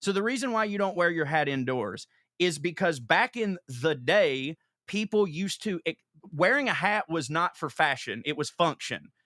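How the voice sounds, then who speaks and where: A man hosting a podcast, telling profane, animated comic stories in casual chat. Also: on the high side, normal speed, no echo, clean studio sound. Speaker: podcast host.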